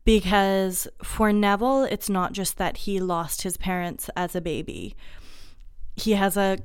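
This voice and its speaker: A woman's voice: mid-range voice, fairly even intonation, unhurried, clean tone, no room sound, clean studio sound. A woman co-hosting a casual book discussion podcast, thoughtful and easily moved, laughing now and then. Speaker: podcast co-host.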